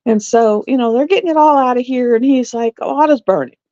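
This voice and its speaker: A middle-aged woman tells her live stream viewers a rambling story, laughing often, in a fairly high, brisk voice with a dark tone and no echo. It's picked up on a phone or webcam, and the stream audio is dull and slightly lo-fi.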